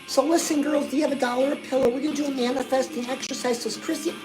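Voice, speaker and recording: A woman with a high voice close to her everyday one speaks quickly, with fairly even intonation, as a gushing lifestyle-guru character in a comic monologue. She chats pushily at the viewer, repeatedly calling her "girl," while loud music plays under the low-quality recording.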